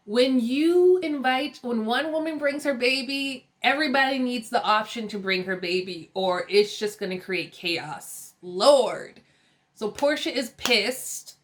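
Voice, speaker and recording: A young woman from California talks through a TV episode in a loose, casual recap. Her voice sits a little higher than most, and she is opinionated and quick to laugh as she goes. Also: a bit bright. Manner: chatty and opinionated, laughs often. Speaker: TV recap host.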